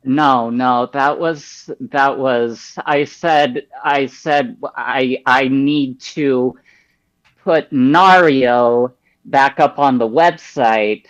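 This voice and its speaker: An improv performer playing an awkward, evasive employee who stammers excuses. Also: female voice, rumbling low, drawn-out words, exaggerated voice. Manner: flustered, stammering. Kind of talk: live improv comedy. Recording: dull lo-fi sound.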